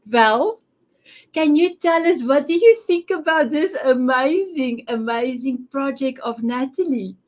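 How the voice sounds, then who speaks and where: A woman's voice: high voice, lively intonation, unhurried, a little mellow. A woman hosting an online summit over a video call, gushing and effusive with her guests. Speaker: summit host.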